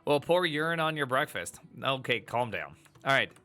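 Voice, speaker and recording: A man's voice: medium pitch, moderate pace, faint music behind. A man chatting casually on a live stream as he reads tech articles, rambling and joking with his chat. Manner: animated, jokey, rambling asides to chat.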